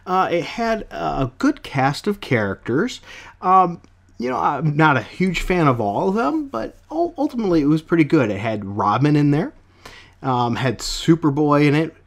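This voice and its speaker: A man talking through a comic book review in a loose, casual vlog. His pitch moves around a lot. He rambles, stops to correct himself, and fills gaps with filler words. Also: sing-song, moderate pace, vocal fry.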